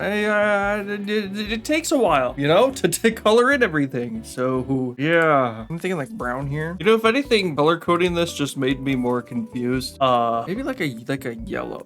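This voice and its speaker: A man host casually talking viewers through a digital drawing, playful and self-mocking, excitable, with mild swearing. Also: on the high side. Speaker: digital artist and channel host. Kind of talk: casual commentary while drawing.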